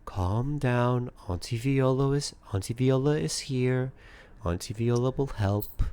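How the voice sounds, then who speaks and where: A man's voice: medium pitch, unhurried, clear, resonant tone, close to an everyday voice. A man putting on a purring sorceress auntie. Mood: soothing. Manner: soothing, purring, gently menacing. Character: mysterious powerful female sorceress, doting auntie.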